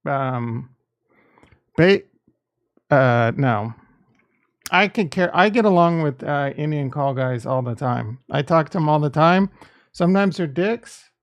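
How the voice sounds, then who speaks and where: A man's voice: a little high, lively intonation, slow, pauses often. A man hosting a casual livestream, talking back to his chat in a defensive, joking way. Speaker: livestream host reading chat.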